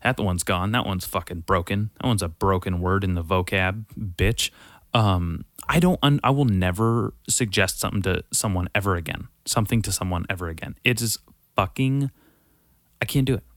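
A man's voice: low voice, normal speed, no room sound, studio quality. A man hosting a solo podcast, rambling casually, swearing constantly and correcting himself mid-sentence. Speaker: podcast host.

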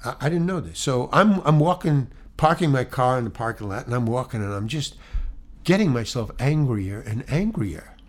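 A man at a medium, ordinary pitch recounts a story, stumbling and restarting as he goes. His telling is animated, jumping between loud outbursts and quiet, confiding asides. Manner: animated, halting, many restarts and repeats. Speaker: actor. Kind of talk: anecdotal storytelling.

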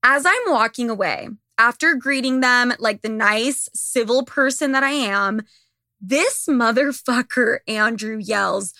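Young woman podcast host, candid profane rant, slightly high and sharp, dry close mic. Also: measured pace, dry recording. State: slightly losing her voice. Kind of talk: casual monologue.

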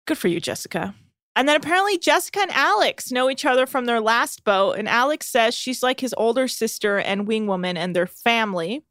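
A woman's voice: on the high side, a little fast, no room sound. Chatty sarcastic woman, dry close mic. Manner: chatty and sarcastic, mimics people in a flat monotone. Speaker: podcast co-host recapping a reality show. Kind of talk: casual chat.

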